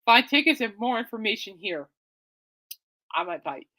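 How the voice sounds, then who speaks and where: Woman, podcast host, bright tense voice, chatty, excitable, loose rambling talk. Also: fairly high pitch, moderate pace. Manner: chatty, excitable, self-correcting. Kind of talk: casual rambling chat.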